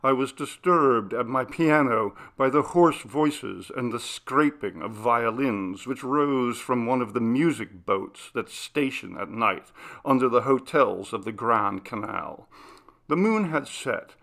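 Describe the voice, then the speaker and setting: Slow, measured male storyteller. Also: medium pitch, expressive, creaky, a bit bright. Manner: slow, measured, dramatic reading. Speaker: audiobook narrator. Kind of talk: scripted narration of a ghost story.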